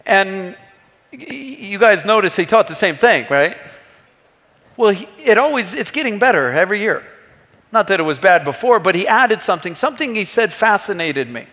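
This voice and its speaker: Male pastor, thirties, bright high voice, earnest emphatic sermon, long church reverb. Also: sing-song, normal speed. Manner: earnest, emphatic preaching with rhetorical questions. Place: church hall.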